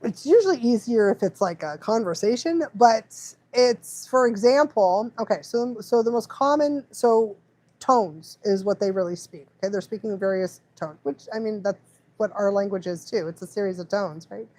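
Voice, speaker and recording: A woman's voice: mid-range voice, animated, normal speed, mellow, dry recording. A woman dog trainer hosting a live stream, rambling and laughing often as she goes off on tangents. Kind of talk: casual live stream chat.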